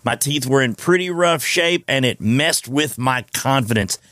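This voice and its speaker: A man's voice: mid-range voice, expressive, measured pace, a bit bright, no room sound, clean studio sound. A man giving a friendly, personal testimonial in a radio ad. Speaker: ad spokesman.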